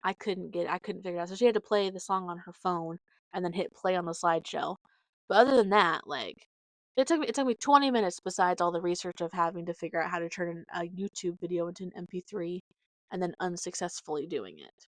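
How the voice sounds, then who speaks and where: A woman's voice: fairly low pitch, fairly quick, dry recording. A young adult woman hosting her own podcast, telling stories in a casual, rambling way full of fillers. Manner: rambling, filler-heavy storytelling. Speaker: podcast host. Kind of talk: casual chat.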